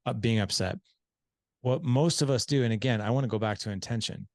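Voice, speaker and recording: A man's voice: mid-range voice, a little fast, no echo, studio quality. A man speaking as a podcast guest about fatherhood, explaining points earnestly and acting out the dialogue in his stories. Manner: animated storyteller who acts out quoted dialogue. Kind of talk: casual podcast conversation.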